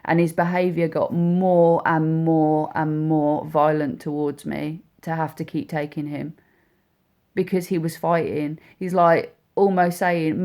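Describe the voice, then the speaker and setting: A woman speaking as a mother, telling a personal story in a heartfelt, halting way with many repeats and restarts. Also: low voice, little pitch movement, darkish tone. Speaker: mother speaking about her son.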